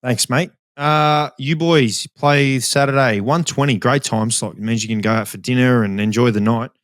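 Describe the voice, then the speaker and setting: A man with an Australian accent co-hosting a casual chat, talkative and animated, acting out little scenes. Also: medium pitch, normal speed, no room sound, studio quality. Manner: chatty, animated storyteller, acts out dialogue. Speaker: podcast co-host and footballer.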